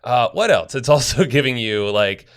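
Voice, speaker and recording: A man's voice: mid-range voice, lively intonation, normal speed, clean tone. A man co-hosting a podcast in casual chat, rambling loosely with restarts and fillers. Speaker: podcast co-host.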